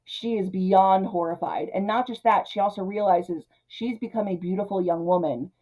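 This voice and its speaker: A woman hosting a casual film recap, chatty and animated, acting out the characters' lines in her own voice. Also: medium pitch, moderate pace, poor audio. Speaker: video essay host.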